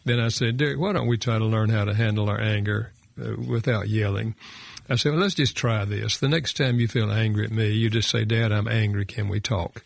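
A man's voice: lowish voice, steady tone, a little fast, vocal fry, no echo. An older man telling a personal story as a talk show guest, reflective and folksy, with frequent fillers. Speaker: guest author and counselor.

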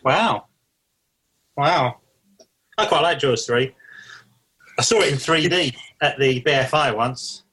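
Bright-voiced man telling anecdotes. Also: medium pitch, slow, pauses often, rough recording. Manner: anecdotal, hedging, acts out quotes. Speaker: podcast co-host. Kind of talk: casual film chat.

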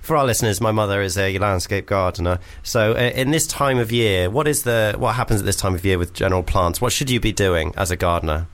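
A man's voice: fairly low pitch, fast, few pauses, a bit bright. A man hosting a radio show, joking and laughing with his guests. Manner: playful, joking, laughs a lot. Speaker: radio host. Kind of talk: casual radio chat.

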